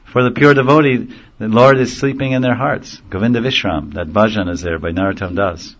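Low-voiced man giving a gentle sermon. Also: brisk. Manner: gentle, storytelling, chuckles at his own jokes. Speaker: spiritual teacher. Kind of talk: devotional sermon. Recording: dull lo-fi recording.

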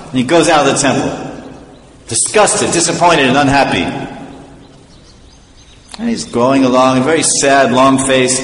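A man tells a devotional story as a preacher, mid-pitched and animated. His voice echoes around a hall with a long reverb tail, over faint ambient noise. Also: moderate pace, pauses often.

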